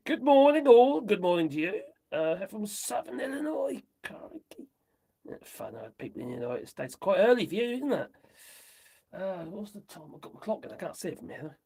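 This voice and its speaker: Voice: medium pitch, creaky, darkish tone, breathy edge. A host chatting loosely on a livestream, rambling, giggling and muttering while reading off a phone. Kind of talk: casual livestream chat reacting to viewers.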